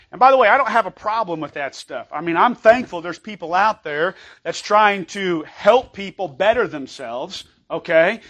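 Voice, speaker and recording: A man preaching a sermon as pastor, emphatic and conversational, often asking the congregation for an amen and reading scripture slowly. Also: sits high, a bit bright. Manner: emphatic, calls for amens, reads scripture slowly.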